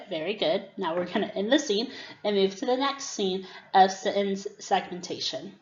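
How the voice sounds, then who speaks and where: A woman's voice: mid-range voice, lively intonation. A woman giving a teacher-training presentation on reading skills, acting out classroom prompts as she explains them. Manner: demonstrates classroom prompts, slow and deliberate. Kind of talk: instructional presentation. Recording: dull, roomy recording.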